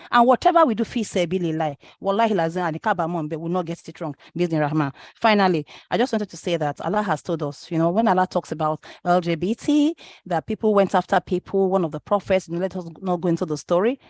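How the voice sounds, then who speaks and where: A woman's voice: medium pitch, dry recording, studio quality. A woman from Nigeria with a Nigerian accent, giving an impassioned religious talk to parents, exhorting the audience with rhetorical questions and slipping Arabic and Yoruba phrases into her speech.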